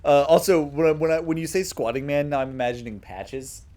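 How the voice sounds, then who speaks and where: A man's voice: a little high, a little fast, darkish tone. A young man chatting on a game stream, rambling and hesitant with lots of fillers. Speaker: stream guest. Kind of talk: casual stream chat.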